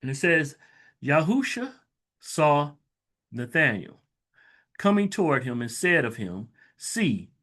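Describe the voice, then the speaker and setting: A man teaching from scripture, his voice sitting a little high and swinging widely in pitch. He reads the verses with slow weight, then slips into loose, chatty explanations. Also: big pitch swings, fairly bright tone. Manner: reads verses slowly, then breaks into loose conversational asides. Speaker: Bible teacher. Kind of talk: scripture reading with casual commentary.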